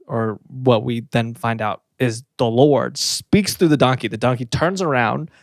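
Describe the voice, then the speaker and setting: A man chatting on a podcast, laughing easily and telling a story with energy. His voice is recorded close and dry, with mid-range pitch. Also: unhurried, no room sound. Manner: laughing often, retells a story animatedly. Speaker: podcast co-host. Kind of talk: casual chat.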